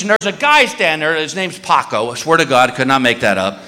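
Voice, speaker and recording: A stand-up comedian, a man, telling an animated story and acting out voices and screams on a live stage. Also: on the high side, fast talker, few pauses, a little hiss or hum. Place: comedy stage before an audience. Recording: live stage in a hall with crowd laughter.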